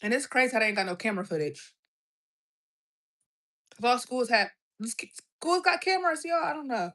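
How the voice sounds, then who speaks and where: A woman's voice: on the high side, expressive, brisk, sharp tone. A woman vlogger chatting casually to her viewers while reacting to a documentary. She keeps calling them y'all and often breaks off and restarts her sentences.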